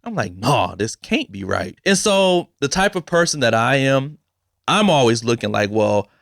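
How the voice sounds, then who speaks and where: A man's voice: medium pitch, creaky, fairly bright tone, no echo, studio quality. A man hosting a podcast, talking candidly and emotionally in a casual, personal style, with slang like "bro" and "man". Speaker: podcast host. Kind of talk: personal reflective talk.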